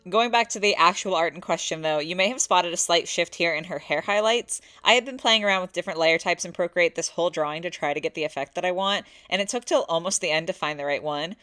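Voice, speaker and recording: A young woman narrating her own drawing process in a soft-spoken, candid voice-over. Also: on the low side, fast talker, few pauses. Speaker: artist vlogger.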